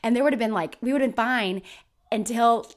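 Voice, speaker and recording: A woman's voice: on the high side, brisk. A woman, rambling through a story in casual chat as a podcast co-host, with many fillers. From Atlanta, Georgia.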